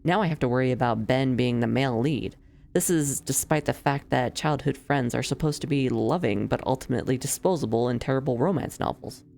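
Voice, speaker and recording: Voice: mid-range voice, fairly quick, vocal fry, a little mellow, natural voice. A streamer reading the lines of a sardonic young noblewoman villainess from a game, in dry, formal phrasing. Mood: wry. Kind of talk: reading game dialogue aloud.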